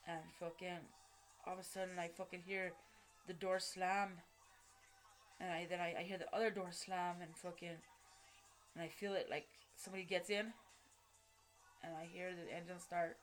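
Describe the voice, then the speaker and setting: A woman telling a personal story straight to camera, blunt and heavily profane, halting and restarting as she goes. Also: on the low side. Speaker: vlogger recounting a personal story.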